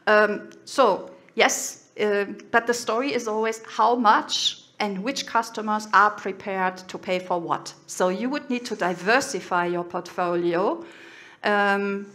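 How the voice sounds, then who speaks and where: Woman, middle-aged, conference speaker, earnest, measured, nonnative phrasing. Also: mid-range voice, fairly bright tone. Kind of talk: expert presentation.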